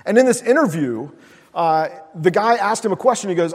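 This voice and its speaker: A man's voice: high-pitched, lively intonation, brisk. A male pastor preaching a sermon in a casual storytelling way, full of "like" and "uh". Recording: long hall reverb.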